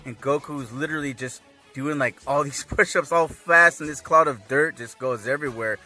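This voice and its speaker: A man giving a casual, rambling recap of an anime episode, laughing often and acting out characters' lines in excited voices. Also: mid-range voice, moderate pace, faint music behind. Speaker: anime reviewer.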